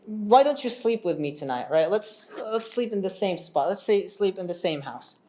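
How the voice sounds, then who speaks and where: A timid, pleading gentle brother, as a male storyteller puts him on. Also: high-pitched, animated, normal speed, a little hiss or hum. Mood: nervous pleading. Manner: hesitant, nervous, pleading.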